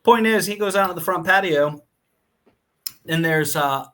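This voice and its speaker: A fairly high-voiced man on a casual podcast, telling his stories with animated energy and plenty of swearing. He talks fast and expressively as he chats with his co-host. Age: adult father. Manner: animated, profane storytelling.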